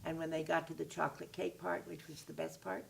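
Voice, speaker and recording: A woman storyteller telling a tale to children in an animated, expressive way. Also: deep voice, a little fast, gravelly, a little hiss or hum. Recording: voice far from the mic.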